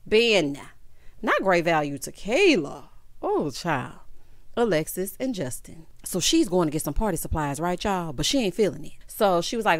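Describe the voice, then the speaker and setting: A woman hosting a casual reality TV recap, sassy and animated, calling her listeners honey and child. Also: lowish voice, moderate pace, dry recording.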